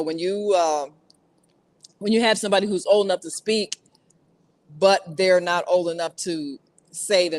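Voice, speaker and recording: A woman co-hosting a casual panel chat, emphatic and lecturing. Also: fairly low pitch. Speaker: co-host.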